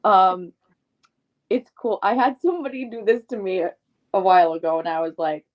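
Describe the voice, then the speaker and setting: A woman's voice: mid-range voice, moderate pace. A woman co-hosting a casual podcast chat, chiming in to finish the other host's sentences. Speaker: podcast co-host. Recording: dull lo-fi sound.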